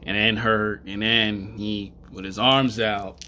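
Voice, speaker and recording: A man vlogging in casual commentary, rambling and chuckling, animated and emphatic as he talks straight to viewers. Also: fairly low pitch, takes it slowly, slight background noise.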